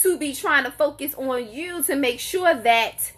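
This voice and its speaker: A woman's voice: sits high, a little slow, a bit bright. A woman, telling a story to her live chat in a casual, emphatic, exasperated way, repeating herself for effect. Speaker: vlogger greeting live viewers.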